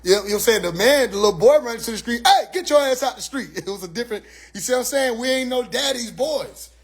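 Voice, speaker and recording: Man, high-pitched for a man, casual monologue, blunt, profane, rambling, repeats his catchphrase. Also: quick pace. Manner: rambling, repeats "you see what I'm saying"; blunt, profane street talk. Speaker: commentator.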